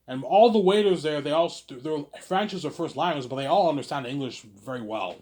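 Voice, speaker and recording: A Quebec man hosting a livestream reads out viewer questions, his voice pitched high with a slightly dark tone and plenty of expression. He talks fairly fast with few pauses, rambling casually, stammering through restarts and repeating himself. He keeps tossing in the word "obviously."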